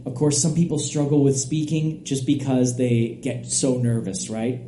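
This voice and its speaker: Man, native english speaker, very dark mellow tone, explanatory podcast guest, roomy echo. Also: mid-range voice, normal speed, slight background noise. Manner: explanatory, steady, tags points with "right?". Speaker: IELTS expert guest. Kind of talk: podcast interview answers. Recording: echoey room.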